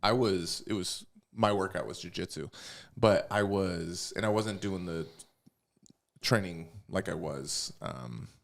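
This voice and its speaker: Deep gravelly guy hosting a podcast, rambly casual chat. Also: unhurried. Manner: rambling, restarts often, laughs easily. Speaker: podcast host.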